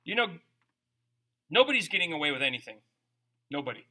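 Male pastor, high voice, piercing bright tone, casual preaching style, reads scripture between jokes. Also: very animated, fairly quick. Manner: informal preaching mixed with scripture reading and jokey asides. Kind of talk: conversational sermon.

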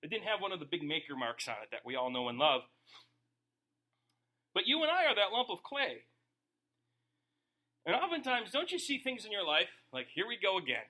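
A man preaching a sermon, animated, with many rhetorical questions and quick acted-out asides. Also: high voice. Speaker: pastor.

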